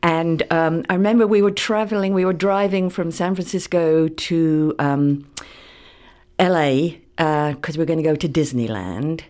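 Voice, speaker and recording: A woman's voice: low voice, normal speed, darkish tone. A middle-aged woman from London with an English accent, chatting casually and laughing often. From London, England. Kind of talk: casual chat.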